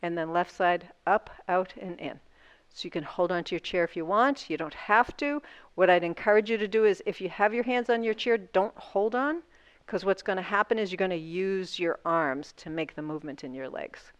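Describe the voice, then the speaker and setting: A woman's voice: on the low side, moderate pace, smooth, no room sound, highs cut off. A woman instructor guiding a seated yoga class, talking through each movement step by step in an encouraging way.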